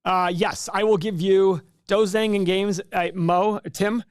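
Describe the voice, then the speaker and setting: A man's voice: high-pitched, fairly even intonation, unhurried, clean tone, no room sound, clean studio sound. A man hosting a casual investing livestream, chatting and joking with viewers and often restarting his sentences. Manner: chatty, jokey, self-interrupting. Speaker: livestream host.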